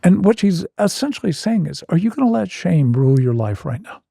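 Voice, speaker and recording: A gravelly, mellow-toned man recounts a personal story with vivid, self-mocking animation. His voice is husky at the edges and is heard close and dry, with no room sound. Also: high voice, very animated, brisk, no room sound. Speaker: guest therapist.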